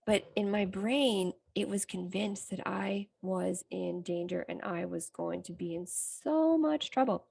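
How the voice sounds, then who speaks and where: Gravelly-voiced woman telling a personal story. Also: mid-range voice, unhurried, few pauses, darkish tone. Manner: candid, reflective, talks through a story with restarts. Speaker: psychotherapist and podcast host. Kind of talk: personal story in a self-help podcast.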